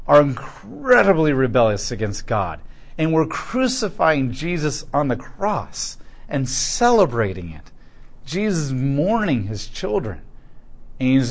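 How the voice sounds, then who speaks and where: A man teaching through a Bible passage verse by verse, reading aloud and adding blunt, conversational asides. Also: a little high.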